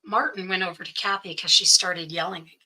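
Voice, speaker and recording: A woman's voice: fairly low pitch, steady tone, fast, sharp tone, rough recording. A middle-aged woman, a guest in an interview, telling a personal story and acting out what each person said. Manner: recounts events by acting out quoted dialogue.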